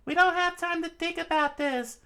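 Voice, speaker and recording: A man voicing a determined young princess in a strained, very high falsetto, reading a comic aloud. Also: normal speed, bright, forceful tone, heavily acted. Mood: urgent.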